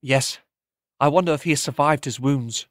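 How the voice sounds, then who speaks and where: A man's voice: mid-range voice, moderate pace, no room sound, studio quality, natural voice. Man voicing an earnest young hero. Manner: quiet, earnest, reflective.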